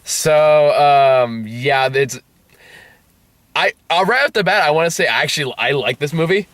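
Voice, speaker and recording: A man's voice: on the high side, lively intonation, unhurried, a bit bright, no room sound. A man reviewing a film in loose casual chat, rambling and swearing freely. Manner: loose and profane, rambling asides.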